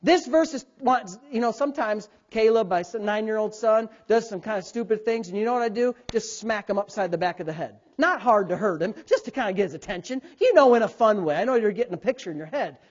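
A man's voice: sits high, quick pace, hardly any pauses. A man in his thirties preaching a sermon as a pastor, acting out voices and calling on the congregation to answer. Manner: animated preaching, acts out God's voice and calls for responses. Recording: dull lo-fi sound.

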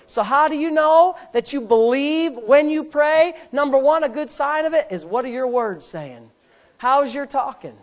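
A woman preaching a sermon with a fairly high voice. She talks emphatically, repeating her lines and building to forceful peaks. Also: lively intonation, a little slow.

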